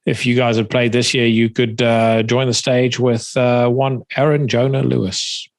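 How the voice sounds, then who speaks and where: A man's voice: mid-range voice, flat delivery, normal speed, no echo, studio quality. A man hosting a podcast interview, joking, laughing and informal. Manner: jokey, laughing, informal with "mate". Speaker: podcast host.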